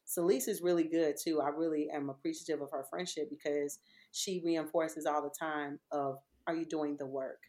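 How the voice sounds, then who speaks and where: A woman's voice: low voice, moderate pace. A woman in her thirties or forties, a podcast guest chatting casually and telling stories with lots of laughter. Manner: animated storyteller, laughs often.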